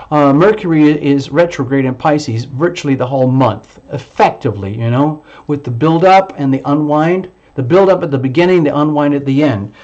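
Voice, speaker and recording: Male tarot reader, slightly high voice, emphatic and repetitive delivery, dull lo-fi recording. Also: darkish tone. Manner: emphatic and repetitive, voicing the listener's thoughts. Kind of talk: monthly tarot reading.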